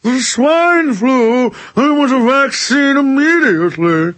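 A man voicing a snooty, polished big-city man with a mocking, drawn-out posh delivery. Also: very high-pitched, animated, a bit bright, voice pushed up, heavily acted.

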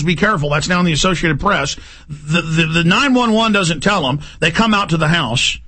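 Male talk host, high gravelly voice, husky edge, ranting monologue delivery. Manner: forceful, ranting, emphatic repetition. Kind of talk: impassioned monologue.

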